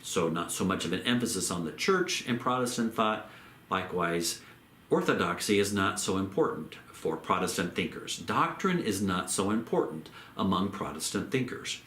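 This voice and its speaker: A man giving a theology lecture in a measured way, repeating phrases and slowing down on key terms. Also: sits low, animated, a bit bright, roomy sound, slight background noise. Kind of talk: recorded lecture.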